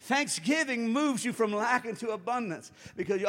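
High-voiced preacher in a reverberant hall. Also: male voice, fairly quick, hardly any pauses. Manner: animated preaching, acting out quoted voices, rising to shouts. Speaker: pastor. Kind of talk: sermon.

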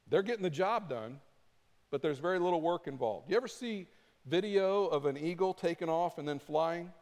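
A man preaching a sermon as pastor, animated and acting out his points with rising intensity. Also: a little high. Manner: animated, acts out flapping with rising volume. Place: church sanctuary. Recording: long reverb of a church hall.

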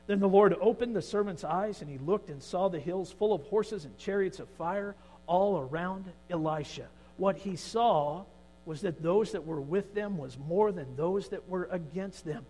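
A man with a high, bright preaching voice leads a sermon and tells the story with vivid emphasis. He drops to quiet asides, then rises again. A long reverb fills the hall around him. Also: normal speed. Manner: storytelling, shifting between hushed and emphatic. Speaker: pastor.

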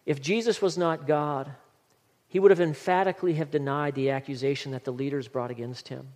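Emphatic preaching man, fairly high voice. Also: fairly even intonation, brisk, darkish tone, long reverb tail. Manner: earnest, emphatic preaching with scripture reading. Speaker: pastor. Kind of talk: sermon.

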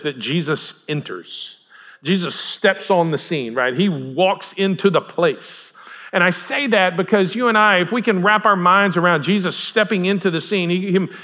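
A pastor delivers a sermon in a casual, talkative way, often checking in with the room through questions. His voice sits high for a man. The recording has a muffled, lo-fi quality. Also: a bit bright. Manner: conversational, asks the congregation questions. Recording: dull lo-fi sound.

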